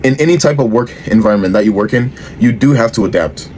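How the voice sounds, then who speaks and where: A man giving steady, instructive advice to his viewers. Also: medium pitch, quick pace, a little hiss or hum.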